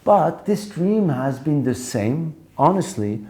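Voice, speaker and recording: A middle-aged man from Morocco, speaking English as a guest comedian in an interview and telling lively anecdotes. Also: fairly high pitch, takes it slowly. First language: French. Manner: animated, acts out quoted voices. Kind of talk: interview storytelling.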